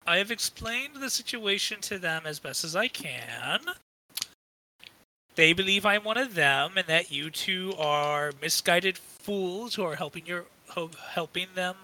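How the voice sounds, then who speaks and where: A man's voice: sits high, lively intonation, sharp tone, low-quality recording. A man playing a tabletop role-playing game, joking around and filling in his group. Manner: joking, quick to laugh. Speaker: player. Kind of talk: tabletop role-play banter.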